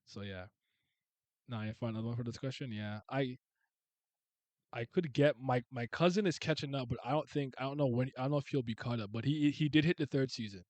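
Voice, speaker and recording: A man's voice: mid-range voice, a little fast, a little mellow, no echo. A man hosting a casual livestream chat, rambling with lots of restarts and laughter. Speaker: livestream host.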